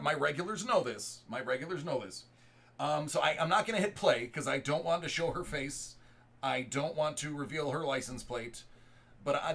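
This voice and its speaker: A man in his thirties with a bright, forceful voice, telling a personal story to a live chat. He rambles and restarts his sentences often. His pitch sits a little high for a man. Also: creaky. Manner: rambling, restarts and repeated words. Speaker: live stream host.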